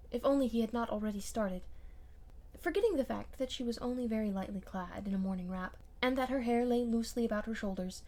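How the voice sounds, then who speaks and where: A woman narrating a classic novel for an audiobook, in a measured, expressive storytelling manner with dramatic emphasis. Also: medium pitch. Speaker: audiobook reader.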